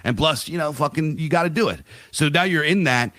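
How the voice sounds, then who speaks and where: A man's voice: a little high, animated, brisk, sharp tone, no room sound, studio quality. A man co-hosting a podcast in casual chat, rambling and profane, breaking into voiced asides. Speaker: podcast co-host.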